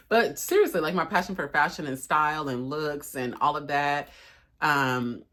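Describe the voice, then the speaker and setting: A young woman with a low, full voice talks straight to her viewers in a casual vlog. Her comes through as she urges them on, with a chatty, heartfelt delivery and a repeated "y'all.". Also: moderate pace, a bit bright. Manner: chatty, encouraging, says y'all a lot; emotional, voice cracking at times. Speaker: lifestyle vlogger. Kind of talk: casual motivational vlog talk.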